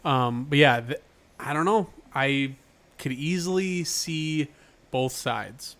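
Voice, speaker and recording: A man's voice: fairly high pitch, takes it slowly, fairly bright tone. A man co-hosting a podcast, chatting loosely and rambling with plenty of swearing. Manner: loose, profane, rambling banter. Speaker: podcast co-host. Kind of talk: casual podcast chat.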